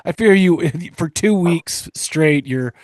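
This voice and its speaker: Slow and expressive, this man's voice sits on the high side as he co-hosts a casual podcast. He jokes, rambles and keeps restarting, heard in studio-quality audio with no room sound.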